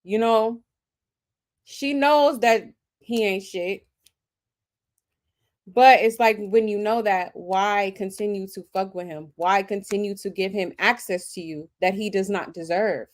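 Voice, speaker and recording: A woman's voice: medium pitch, measured pace. A woman hosting a casual reaction commentary, slangy and emphatic, talking straight to her viewers. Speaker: commentary host.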